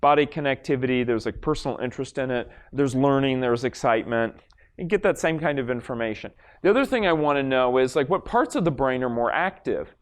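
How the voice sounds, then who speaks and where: A man's voice: medium pitch, fairly quick. Chatty man lecturing on stage. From Los Angeles, USA. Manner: casual, rambling, heavy with fillers and restarts. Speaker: lecturer demonstrating a brain scan. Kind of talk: live stage presentation. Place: stage in front of an audience.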